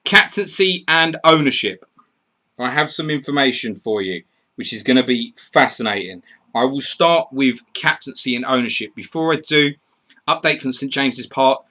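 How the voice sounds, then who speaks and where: A man hosting a live stream, chatting casually, reading out score updates and viewer messages in an excitable way. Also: mid-range voice, moderate pace. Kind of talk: casual live commentary and chat.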